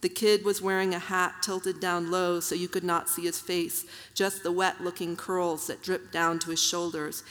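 A woman with a lowish voice reads her own prose to an audience, measured and even. Her voice rings with the long reverb of a hall. She adds soft fillers between passages. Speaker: author reading her work. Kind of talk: literary reading aloud.

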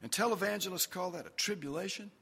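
A man's voice: sits high, fast talker, gravelly, bright, forceful tone, slightly rough, long reverb tail, pitched above the performer's own voice, exaggerated voice. A man voicing a wry, casual male devil chatting in an airport, in a laid-back, sardonic way.

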